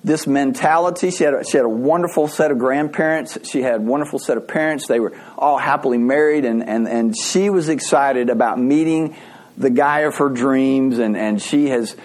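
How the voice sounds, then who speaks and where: A man's voice: medium pitch, moderate pace, a little mellow. A middle-aged man preaching a sermon as a pastor, telling stories in a loose, conversational way with frequent restarts. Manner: conversational storytelling with repeated restarts.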